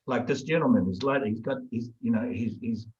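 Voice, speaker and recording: A man in casual conversation, telling a story with lively energy and frequent restarts. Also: medium pitch, brisk, dull audio. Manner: animated, lively storyteller who repeats and restarts words. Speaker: guest in a group discussion.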